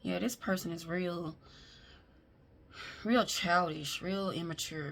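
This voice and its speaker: A woman's voice: on the low side, fairly even intonation, takes it slowly, long pauses, fairly bright tone. A woman gives a chatty, emphatic tarot reading and talks straight to her viewers as y'all. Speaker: tarot reader. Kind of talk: casual tarot reading to camera. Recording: faint background noise.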